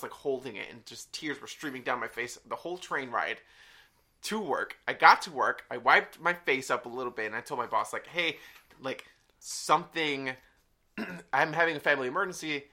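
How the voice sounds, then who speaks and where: A man co-hosting a podcast, telling a family story in a casual, animated way with frequent laughs. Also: mid-range voice. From Hispanic background stated, no country. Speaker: podcast co-host. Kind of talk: casual chat.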